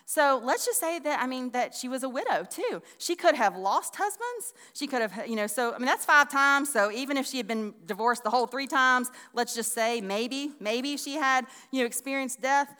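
A woman's voice: high voice, animated, moderate pace, few pauses, sharp tone. A woman giving a casual, conversational sermon, folksy and chatty with frequent restarts and asides. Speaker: Bible teacher. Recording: long hall reverb.

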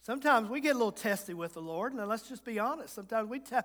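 This guest preacher, a man with a Southern American accent from Virginia, talks quickly and animatedly in a very high, slightly bright voice. His sermon is folksy and funny, climbing toward emphatic repetition, with the long reverb of a church sanctuary around him.

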